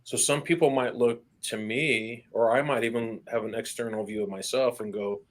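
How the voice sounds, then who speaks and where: A man who is an army veteran, talking candidly as a podcast guest, plain-spoken and earnest, with casual swearing and halting restarts when he stresses a point. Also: mid-range voice, steady tone. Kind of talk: candid podcast interview conversation.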